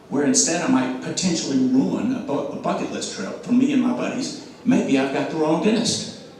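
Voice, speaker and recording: A man's voice: mid-range voice, slight background noise. Man addressing an audience in an echoey hall. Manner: animated, asks the audience questions, acts out quotes. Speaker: speaker at a club meeting. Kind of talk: motivational sales talk to an audience. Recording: echoey room, mic from a distance.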